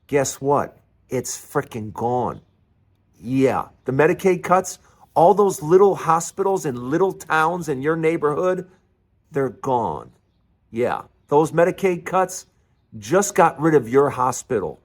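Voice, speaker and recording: Male host, angry and sarcastic rant, lively swooping pitch. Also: takes it slowly. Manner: angry, sarcastic, mocking voices. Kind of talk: unscripted political rant.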